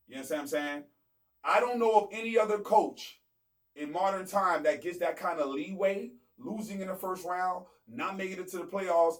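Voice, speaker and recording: Emphatic high-voiced man, heated sports rant. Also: distant mic. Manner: emphatic, rising to near shouts, repeats "you know what I'm saying". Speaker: sports show host.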